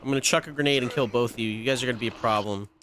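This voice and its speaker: A man's voice: medium pitch, racing, noisy background. A young man hosting a casual let's-play, ranting animatedly and swearing freely between game moves. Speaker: gaming channel host.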